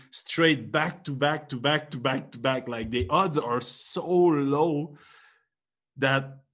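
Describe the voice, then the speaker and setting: A man's voice: mid-range voice, a bit bright. Chatty young man. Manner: rambling, laughs often, many restarts. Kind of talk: casual chat.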